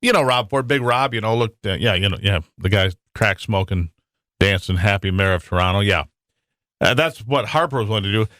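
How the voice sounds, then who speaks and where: A man's voice: on the low side, fairly quick, a bit bright, dry recording, studio quality. An American man hosting a talk radio show in a rambling monologue with frequent restarts. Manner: rambling, with many restarts and fillers.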